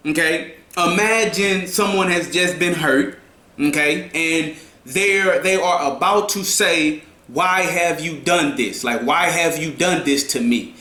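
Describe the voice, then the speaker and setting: A man's voice: fairly high pitch, pushed and bright, reverberant. A man giving a casual writing lesson, repeating himself and often checking in with "right?". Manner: slow, repetitive, checks in with "right?". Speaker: writing coach.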